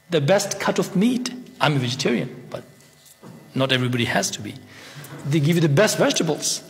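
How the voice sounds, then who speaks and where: A man's voice: a little high, creaky, long reverb tail. A man whose first language is Tibetan gives a spontaneous Buddhist talk in English, playful and acting out little scenes. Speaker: Buddhist teacher.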